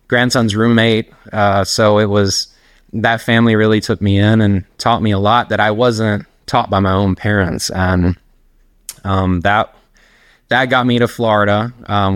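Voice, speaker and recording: With a smooth, fairly low voice that shows little pitch movement, a middle-aged personal trainer speaks at normal speed. He's a casual interview guest who rambles through anecdotes and laughs while telling them. The recording is dry, clean studio sound.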